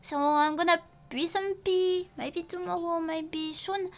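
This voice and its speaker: A young woman who speaks natively, chatting casually on a live stream in a rambling, halting way with many restarts and playful swearing. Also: very high voice, fairly even intonation. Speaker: VTuber streamer.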